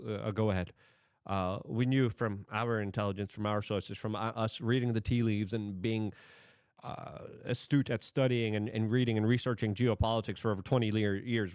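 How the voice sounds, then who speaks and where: A man's voice: mid-range voice, darkish tone, dry recording, studio quality. A man hosting political commentary, talking emphatically and firing off rhetorical questions.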